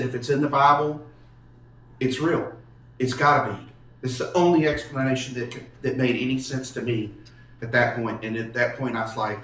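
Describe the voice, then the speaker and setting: A man, earnestly telling a personal story with halting restarts. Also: mid-range voice, a bit bright, a little hiss or hum. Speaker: podcast guest telling his testimony. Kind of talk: casual storytelling. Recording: echoey room, mic far off.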